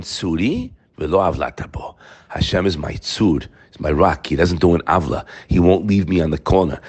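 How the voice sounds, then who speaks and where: A man teaching a daily Torah class, firing rhetorical questions and mixing Hebrew terms into his English. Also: sits low.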